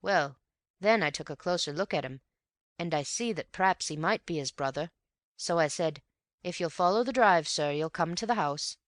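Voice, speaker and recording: A woman's voice: on the low side, expressive, normal speed, no echo, studio quality, close to an everyday voice. A woman voicing an older male lodge-keeper who speaks in plain rustic phrases and keeps saying "sir.". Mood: earnest, wary. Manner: rustic speech, deferential "sir".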